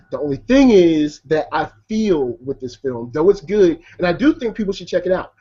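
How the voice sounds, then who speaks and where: A man giving his take on a film in relaxed, slangy casual talk. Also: on the high side, moderate pace, husky. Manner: laid-back slangy talk, laughs easily. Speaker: film reviewer. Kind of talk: casual debate. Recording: muffled lo-fi video call audio.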